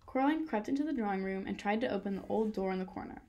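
A woman reading a children's novel aloud in a calm, steady way. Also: mid-range voice, racing, lo-fi sound. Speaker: reader. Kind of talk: children's book read-aloud.

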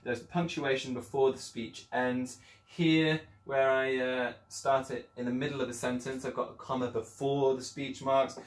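A man's voice: mid-range voice, level tone, normal speed. Encouraging male teacher in an echoey room. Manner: chatty, encouraging, explains step by step. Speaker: primary school teacher. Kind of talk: recorded online English lesson for children.

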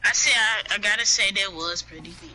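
A man's voice: fast, pushed and bright, poor audio. A man chatting with a stranger over game voice chat, stammering and a bit hesitant. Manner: hesitant, stammering, low-key.

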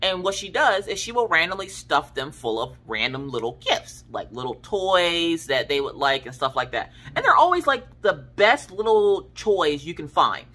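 A woman's voice: on the low side, moderate pace, hardly any pauses. A woman in her thirties hosting a craft channel, chatting casually and telling family stories in slangy speech, acting out her relatives' lines. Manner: animated, slangy, acts out family members' lines. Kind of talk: casual storytelling chat.

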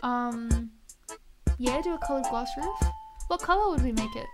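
A woman's voice: high voice, expressive, brisk, loud music behind the voice. A young woman streaming a game, chatting casually with her viewers and swearing freely. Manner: chatty, swears often, talks to chat. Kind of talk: casual live-stream chat while gaming.

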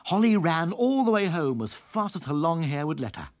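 A storyteller reading a children's story aloud in a dramatic, expressive way. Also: normal speed, no echo, clean studio sound. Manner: very expressive, dramatic swings in pitch. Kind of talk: scripted children's story narration.

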